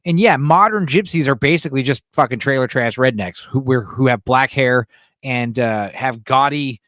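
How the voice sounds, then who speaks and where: An American podcast host, with a medium-pitched voice and moderate pace, runs a casual livestream where he reads and answers chat messages, swearing often and rambling in an animated way. The audio has no echo and is studio quality.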